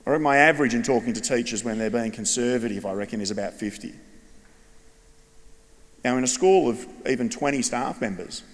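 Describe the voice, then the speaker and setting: A man's voice: mid-range voice, fairly quick. Australian man speaking in an echoing hall. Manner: animated storyteller addressing a large audience. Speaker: education speaker. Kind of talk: conference keynote talk. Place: large hall with long reverb. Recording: long echo of a big hall.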